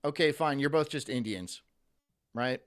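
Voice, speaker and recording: A man's voice: mid-range voice, a little slow. A man streaming, ranting profanely and reading chat messages aloud in casual commentary.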